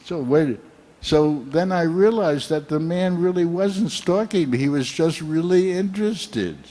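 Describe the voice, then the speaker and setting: Older guy preaching, talks real slow, tells stories. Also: a little high, warm tone. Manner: slow, reflective storytelling. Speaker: speaker at a temple program. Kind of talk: sermon.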